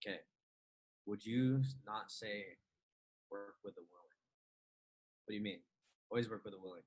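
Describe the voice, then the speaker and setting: A man's voice: lowish voice, normal speed, darkish tone, poor audio. A man working as a trading educator, talking casually and emphatically, firing off rhetorical questions and laughing often. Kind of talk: casual motivational talk.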